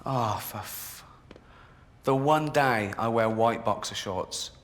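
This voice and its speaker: A man doing a stand-up routine, mocking and sardonic, jumping into squeaky voices for the people in his jokes. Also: takes it slowly. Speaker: stand-up comedian. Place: comedy club stage in a video game. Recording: game audio, club reverb with crowd laughter.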